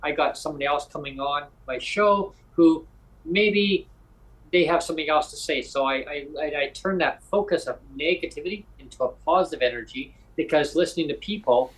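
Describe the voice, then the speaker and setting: A man from Canada hosting a casual podcast conversation, talking in an animated, rambling way with frequent restarts. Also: a little high, fairly quick, poor audio. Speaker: podcast host.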